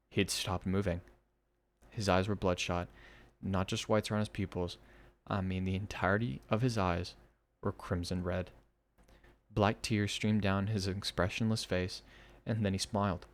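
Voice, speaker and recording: A man with a fairly low voice reads horror stories aloud for his podcast. Between stories he drops into eager, chatty asides aimed at his listeners.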